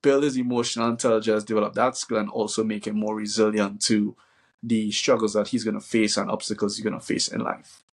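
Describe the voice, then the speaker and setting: A man hosting a casual interview, laid-back and slangy, warmly enthusiastic about his guest's advice. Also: fairly low pitch, little pitch movement, fairly quick. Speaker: podcast host.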